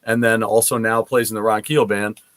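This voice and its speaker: A man hosting a casual chat, relaxed, giving short replies and telling his own anecdote. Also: lowish voice, moderate pace, no room sound. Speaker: podcast host.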